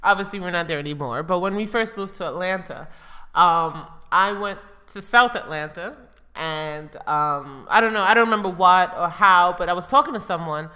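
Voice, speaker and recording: A woman's voice: on the low side, normal speed, pushed and bright. A woman from New York co-hosting a casual podcast, chatty and teasing as she tells stories. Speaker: podcast co-host. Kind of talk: casual banter.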